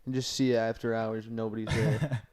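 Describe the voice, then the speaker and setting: A man's voice: fairly low pitch, level tone, fairly quick, crowd noise. A young man co-hosting a casual podcast, laid-back and swearing casually. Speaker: podcast co-host. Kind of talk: casual chat.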